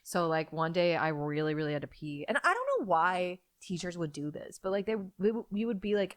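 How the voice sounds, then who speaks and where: A woman's voice: on the low side, sing-song, fairly quick, hardly any pauses. A young woman in a casual podcast chat, telling stories in loose, sweary talk full of fillers.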